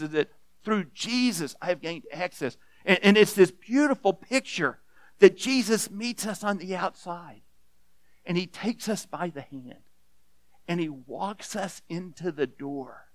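A man preaching a sermon as pastor, earnest and emphatic, often restarting with repeated words and dropping to a hush on key points. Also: sits high, normal speed, dry recording. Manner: earnest, repeats words when restarting, swings between loud emphasis and hushed softness.

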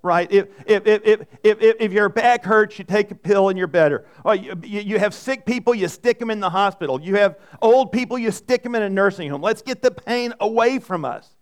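Male preacher, higher-pitched voice, earnest, stumbles and restarts. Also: fairly quick, hardly any pauses, smooth. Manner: repeats words and restarts often, earnest. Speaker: pastor. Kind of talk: sermon.

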